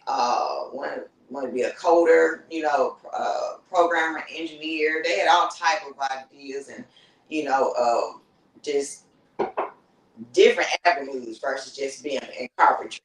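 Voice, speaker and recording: A woman's voice: very deep voice, a little slow, recorded from a distance. Rambling woman, off-mic in a roomy space. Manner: relaxed, rambling, many fillers. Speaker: guest. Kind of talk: casual chat.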